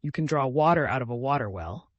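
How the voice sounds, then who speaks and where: A man's voice: medium pitch, expressive, fast, dry recording, muffled recording, close to an everyday voice. A man reading an audiobook, voicing a rude, smug grown man who snipes triumphantly. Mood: snide. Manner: snide, triumphant. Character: rude, smug adult male hatter.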